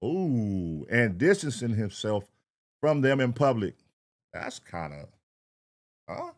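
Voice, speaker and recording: Animated, cussing male reaction host. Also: mid-range voice, slow. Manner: animated, profane, talks straight to viewers. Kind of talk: casual reaction commentary.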